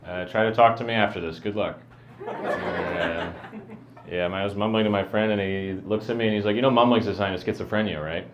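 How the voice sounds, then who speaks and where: A man doing a stand-up set, mumbling in a flat deadpan. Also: fairly low pitch, brisk, echoey room, background noise. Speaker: stand-up comedian. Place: comedy venue with a live audience. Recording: dull lo-fi live recording with crowd.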